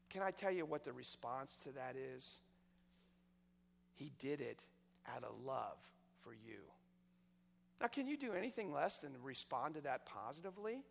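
A male preacher giving a sermon, telling a story with passion, swinging from loud outbursts to hushed words. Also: fairly high pitch, big pitch swings, moderate pace, creaky, long pauses. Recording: long hall reverb.

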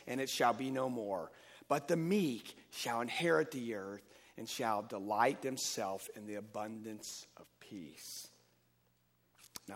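A man preaching a Sunday-morning sermon, emphatic and rising and falling in loudness as he reads and explains scripture. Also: mid-range voice, gravelly, long reverb tail. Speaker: pastor.

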